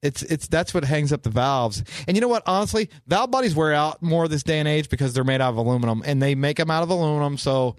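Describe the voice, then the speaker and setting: A man's voice: on the high side, animated, fast, hardly any pauses, no room sound. Enthusiastic middle-aged male co-host. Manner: enthusiastic, rambling, restarts sentences. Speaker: radio co-host. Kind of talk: casual talk radio banter.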